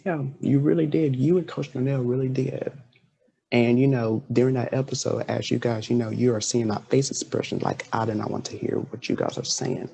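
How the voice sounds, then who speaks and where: A man's voice: mid-range voice, fairly even intonation, a little fast, vocal fry, dark tone, husky. A man hosting a podcast, chatting with a guest in an earnest, heartfelt way. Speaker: podcast host. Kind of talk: casual interview chat.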